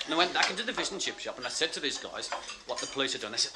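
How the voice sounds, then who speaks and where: A man telling a story in stand-up, animated and laughing as he talks. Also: medium pitch, racing. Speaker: comedian. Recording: loud noisy live recording.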